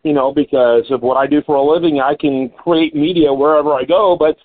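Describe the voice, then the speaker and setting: A man hosts a casual business interview with a somewhat high, husky voice. He talks loosely, thinking aloud with fillers and repeats. The audio is thin and narrow, like a phone line. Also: steady tone, a little fast. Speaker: podcast host.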